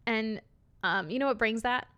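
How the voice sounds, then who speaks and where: A woman's voice: on the high side, sharp tone, smooth. Midwestern woman, podcast co-host, playful and chatty. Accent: Midwestern American. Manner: bubbly, teasing, quick to laugh. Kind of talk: casual chat.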